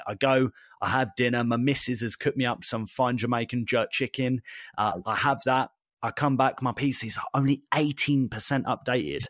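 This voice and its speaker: A British man co-hosting a podcast, chatting casually and telling an animated story. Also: mid-range voice, fairly quick, no room sound, clean studio sound. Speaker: podcast co-host.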